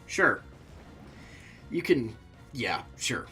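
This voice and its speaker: A man's voice: a little high, lively intonation, moderate pace, sharp tone, soft background music. A man giving casual, offhand let's-play commentary, rambling and full of fillers. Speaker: streamer.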